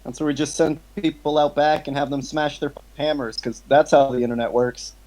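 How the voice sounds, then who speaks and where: A man's voice: fairly high pitch, steady tone, brisk, darkish tone, poor audio. A man hosting a casual satirical chat, incredulous and often laughing, with some swearing. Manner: incredulous, laughing, sometimes profane.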